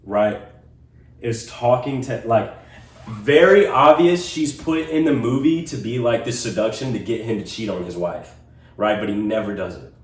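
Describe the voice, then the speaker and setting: A young man with a low voice tells a long, rambling story in casual podcast chat, packed with fillers and curses. The room is echoey, and he sits back from the mic with faint noise under him. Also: normal speed, distant mic. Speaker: podcast co-host.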